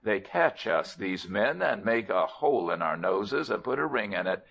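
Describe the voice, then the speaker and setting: A man's voice: on the low side, animated, moderate pace, creaky, a bit bright, full character voice. A man voicing a grumpy old male camel who sneers and grumbles in a scornful storybook voice. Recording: dull lo-fi recording.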